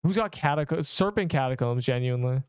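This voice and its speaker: A man's voice: medium pitch, lively intonation, fast talker, clean tone, dry recording, clean studio sound. A young man streaming a video game, chatting casually and rambling to his viewers. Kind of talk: casual live-stream commentary.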